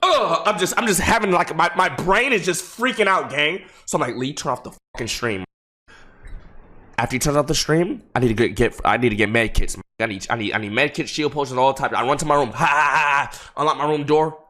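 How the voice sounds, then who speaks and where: A young man streaming, telling a rambling story to his chat with lots of swearing and halting restarts, dropping low and quiet then rising loud and high.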